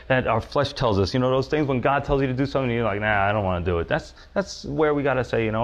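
Man preaching in a chatty sermon. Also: mid-range voice. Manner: conversational, many fillers and restarts. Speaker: pastor.

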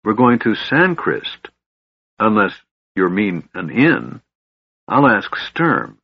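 A man's voice: on the low side, sing-song, slow pace, vocal fry, husky, no echo, full character voice. A man voicing a cheerful, curious small male kender with a light, guileless, chatty voice. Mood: chirpy. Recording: slightly dull, dry recording.

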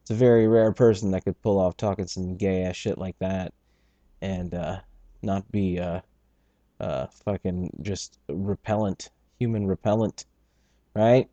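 Low, dark-voiced podcast host rambling. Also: male voice, fairly even intonation, a little slow, dry recording, dull audio. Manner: rambling, profane, jokey. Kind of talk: casual podcast chat. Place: studio apartment.

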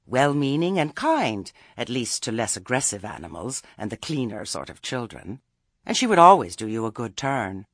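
A man's voice: mid-range voice, no room sound, studio quality. A man reading a story aloud as narrator, with a wry telling. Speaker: audiobook narrator. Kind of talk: scripted narration.

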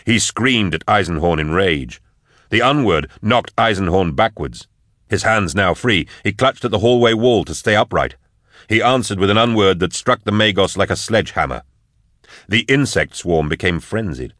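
A man giving steady, measured scripted narration of an audiobook. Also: sits low, no room sound, clean studio sound.

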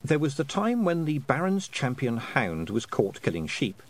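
Lively male audiobook narrator. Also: medium pitch, moderate pace. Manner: lively, expressive storytelling. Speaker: audiobook reader.

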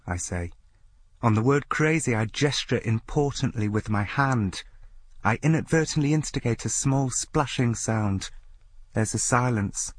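A man narrating in a wry, understated voice, the kind of dry first-person storytelling a radio presenter does. His pitch sits in an ordinary middle range, neither deep nor high. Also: normal speed, breathy edge, no room sound.

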